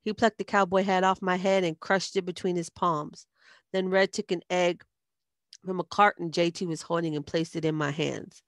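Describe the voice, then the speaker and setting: Low, gravelly woman narrating. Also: normal speed, no echo, clean studio sound. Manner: steady storytelling. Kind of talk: first-person audiobook narration.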